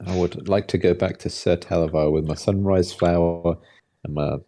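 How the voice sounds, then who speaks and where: A man playing a tabletop game in a relaxed, joking way. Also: deep voice, moderate pace. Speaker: player.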